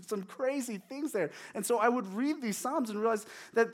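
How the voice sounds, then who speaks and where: A young man preaching a sermon through a funny personal story, acting out his childhood yelling and crying. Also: very high-pitched, normal speed, hardly any pauses. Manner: animated, acts out his own yelling and crying for laughs.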